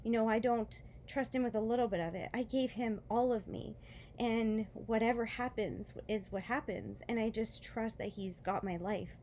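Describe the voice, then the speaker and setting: A woman, a vlogger with kids, recounts in a casual testimony how faith carried her after foot surgery. Her voice is on the high side and a little mellow, at normal speed, with a slight hiss or hum. Though in pain, she's chatty and sincere, dropping many fillers and short laughs.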